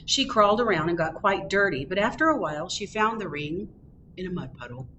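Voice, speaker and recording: A woman reading a picture book aloud at a library storytime, with expressive storytelling. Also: on the low side, fairly quick, dull audio, noisy background. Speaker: storytime reader. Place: public library.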